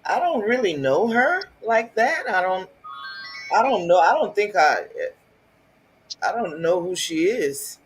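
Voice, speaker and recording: A man's voice: sits high, sing-song, measured pace, pauses often, breathy edge, faint music behind, rough recording. A man chatting on a casual live stream, reacting to the chat and asking viewers questions.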